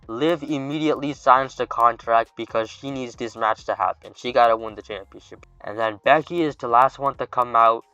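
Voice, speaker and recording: A man's voice: medium pitch, bright, forceful tone, clean tone, no room sound. A man narrating a fantasy storyline in a casual scripted way, with offhand asides. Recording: dull lo-fi dry recording.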